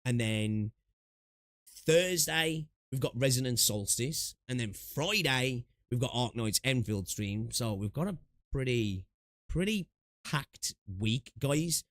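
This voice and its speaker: A man's voice: mid-range voice, expressive, takes it slowly, a bit bright. A young man chatting casually on a gaming livestream, rambling with lots of fillers and asides, through a close desk mic with noise suppression. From United Kingdom.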